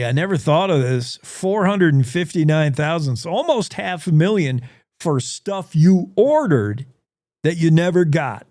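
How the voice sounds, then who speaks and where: A man's voice: on the high side, a little mellow, no echo, studio quality. A male talk show host delivering conversational news commentary with wry, folksy asides.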